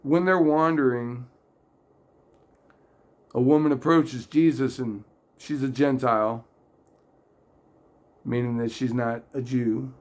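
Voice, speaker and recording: In a mid-range voice with a slow pace and long pauses, a man hosts an informal faith talk. He retells stories earnestly, wandering a bit, and his excitement and emotion can grow loud.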